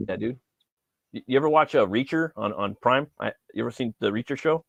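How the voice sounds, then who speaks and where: A man's voice: mid-range voice, brisk, vocal fry, muffled recording. A man from California, host of a casual chat, talking in a laid-back, rambling way and swearing freely.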